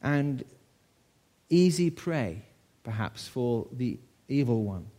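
This mellow, medium-pitched voice swings widely in pitch and moves slowly. It belongs to a UK man in his sixties who is preaching to his church, relating a story in a chatty way with rhetorical questions.

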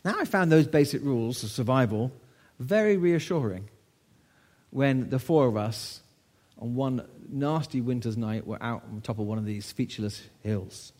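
A man's voice: mid-range voice, normal speed, a little mellow. A man in his sixties from the United Kingdom preaching a sermon to his church, telling a story in a conversational way with rhetorical questions.

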